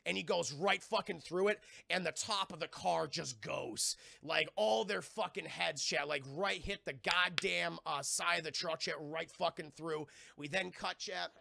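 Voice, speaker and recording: Male streamer, profane rambling recap, sharp tone, dry close sound. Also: on the high side, creaky, no echo. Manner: profane, rambling, keeps addressing chat; acts out quoted lines in quick voices. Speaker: streamer reviewing a TV episode. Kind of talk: casual livestream recap.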